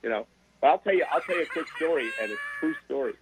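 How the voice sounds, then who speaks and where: An older man, a sports broadcaster and guest, telling animated stories in a casual interview and repeating words as he goes. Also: on the high side, fast talker, background noise. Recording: dry, tinny phone-like sound.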